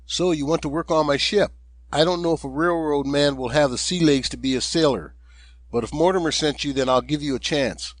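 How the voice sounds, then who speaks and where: A man's voice: a little high, no echo, lightly acted. A man voicing a jovial, one-legged old sea captain in an audiobook, speaking in a hearty, genial way.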